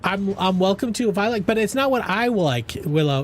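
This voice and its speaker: A man's voice: high voice, expressive, brisk, a little hiss or hum. A young man streaming a game, chatting casually and playfully with his viewers, rambling and joking as he goes. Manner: playful, rambling, answers chat and jokes around. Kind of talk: casual live-stream chat.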